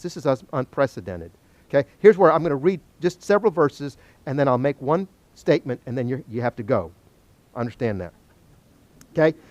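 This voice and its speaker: A man teaching a Bible study, animated and joking, asking the class questions. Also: fairly high pitch, dry recording.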